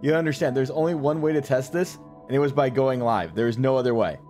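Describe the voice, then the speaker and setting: A man's voice: mid-range voice, fast talker, a little mellow, faint music behind. A man streaming live, chatting to his viewers in a joking, profane way while testing a voice changer. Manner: joking, profane, addresses chat directly. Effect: voice changer being tested. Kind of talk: casual livestream chat.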